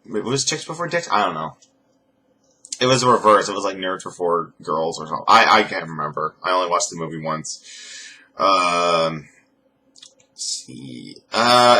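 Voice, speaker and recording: A young man rambling sarcastically as he recaps a reality show, mocking people in high put-on voices. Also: pushed and bright. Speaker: reviewer. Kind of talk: casual recap commentary.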